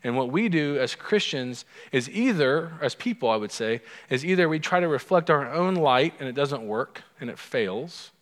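A man's voice: medium pitch, lively intonation, normal speed, few pauses. A man preaching a sermon as pastor, in a conversational, humorous storytelling manner. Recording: long hall reverb.

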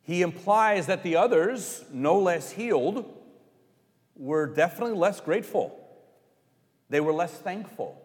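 Man, pastor, sermon, slow and lively, conversational, long church reverb. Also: sits high. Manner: conversational, animated, acts out quoted lines.

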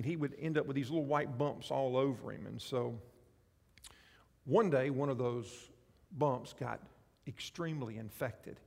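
A man's voice: mid-range voice, creaky. Man preaching in an echoing hall. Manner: animated preaching, swinging between loud and soft. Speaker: pastor. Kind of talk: sermon.

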